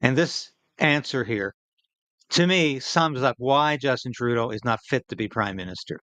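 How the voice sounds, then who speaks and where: Indignant animated commentary man. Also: mid-range voice, normal speed, no room sound. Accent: Canadian. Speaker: political commentary host. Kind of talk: angry political commentary over clips.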